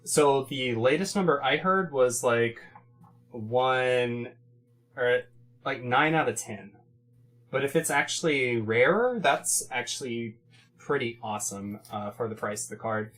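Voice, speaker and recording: A man's voice: medium pitch, lively intonation, unhurried, a bit bright. Chatty man hosting a card opening. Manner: enthusiastic, chatty. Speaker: host opening card packs. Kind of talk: casual chat.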